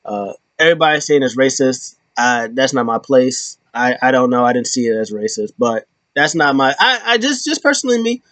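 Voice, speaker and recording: A man's voice: medium pitch, animated, a little fast, a bit bright, no echo. A man hosting a casual recap show, telling it in a loose, rambling way and often correcting himself. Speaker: show host recapping wrestling.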